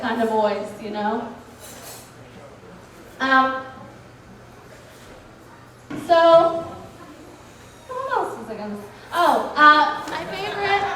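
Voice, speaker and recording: A woman's voice: high voice, fairly bright tone. A woman doing a stand-up comedy set in a bar, with a dry, sardonic, ironic delivery. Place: bar event venue. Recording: echoey room, mic picked up from far off.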